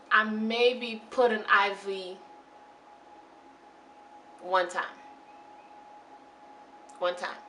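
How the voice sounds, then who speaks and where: A woman's voice: on the high side, sharp tone, distant mic, slight background noise. A young woman, a new nurse, talking candidly and emotionally to camera in a chatty way with many restarts. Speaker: new registered nurse vlogger. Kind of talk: casual talk to camera. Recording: echoey room, off the mic.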